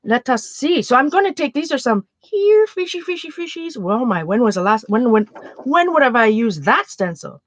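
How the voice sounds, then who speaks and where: A woman's voice: a little high, sing-song, moderate pace, dry recording. A Canadian woman chatting casually on a livestream while making art, rambling and often restarting her sentences.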